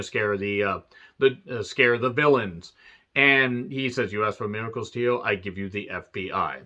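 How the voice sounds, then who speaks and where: Male reviewer, casual profane plot recap, tense bright tone, muffled lo-fi sound. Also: medium pitch. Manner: profane, joking asides, many fillers. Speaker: movie reviewer. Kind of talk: casual rambling movie recap.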